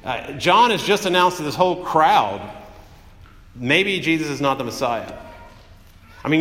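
A man preaching a conversational sermon, acting out quotes as he tells stories. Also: on the high side. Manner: conversational, animated storytelling with acted-out quotes. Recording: echoey hall with long reverb.

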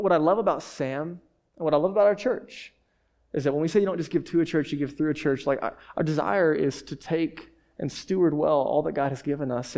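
A male pastor with a voice on the high side delivers a sermon in a lively, conversational storytelling style. He drops in "like" frequently.

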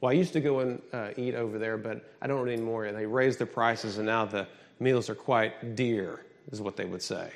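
A man preaching a sermon, emphatic and animated, asking the congregation questions and telling family stories. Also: lowish voice, normal speed, creaky, hardly any pauses. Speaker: pastor.

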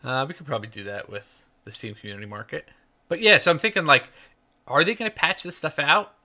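A man's voice: a little high, quick pace, pushed and bright. A man co-hosting a podcast in casual chat, rambling along with lots of "like" fillers. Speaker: podcast co-host.

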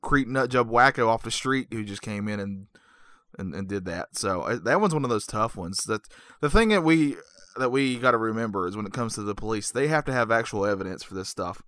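A man co-hosting a casual podcast, halting and repeating words as he starts. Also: on the low side, expressive, fairly bright tone, dry recording. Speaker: podcast co-host. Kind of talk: casual chat.

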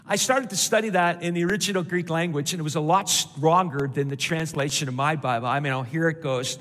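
A man's voice: high voice, brisk, a bit bright. A man preaching a sermon, emphatic, repeating key phrases and calling for responses. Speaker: pastor. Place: large church with balcony. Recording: long hall reverb.

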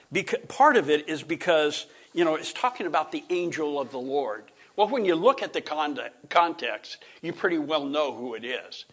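A middle-aged man teaches a Bible lesson in an informal lecture style, rambling, restarting sentences, clearing his throat and chuckling. His pitch is fairly high and his tone fairly bright.

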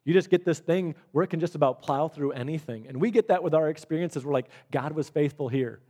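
A middle-aged man preaching a sermon, animated and storytelling, acting out the dialogue he quotes. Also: on the high side, fast talker. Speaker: pastor.

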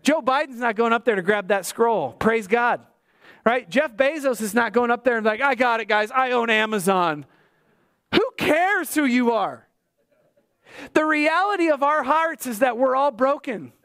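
Man, pastor, high voice, lively church sermon, emphatic swings and wry asides. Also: normal speed. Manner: lively preaching, rising to emphatic highs and dropping low; joking asides to the congregation.

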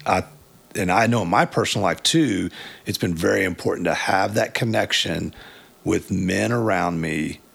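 A man with a very deep, gravelly voice and a husky edge hosts the conversation. He talks in a reflective, conversational way, picking up on what his guest just said. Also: normal speed, a bit bright. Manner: reflective, follows up on the guest's points. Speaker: podcast host. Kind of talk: conversational interviewing.

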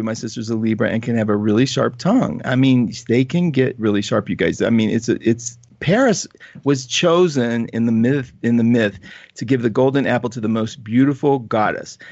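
On a live astrology talk show, a man with a medium-pitched voice reads out viewer comments in an animated, chatty way, laughing often. The audio has no echo but the highs are cut off.

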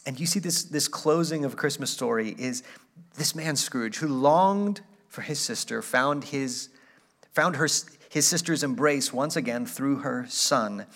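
A man's voice: mid-range voice, a little slow, fairly bright tone. A man preaching a sermon as pastor, earnest and inviting, and reading aloud from a classic story.

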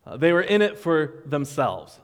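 A man's voice: fairly high pitch, sing-song, moderate pace, in a large hall. A man preaching a sermon in a conversational, wry way, walking through a passage. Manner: conversational, wry, acts out quoted voices. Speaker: pastor.

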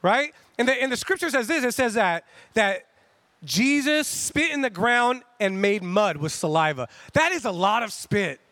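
A man preaching a sermon in a casual, conversational way, acting out quotes with animated asides. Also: high voice, normal speed, dry recording. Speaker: pastor.

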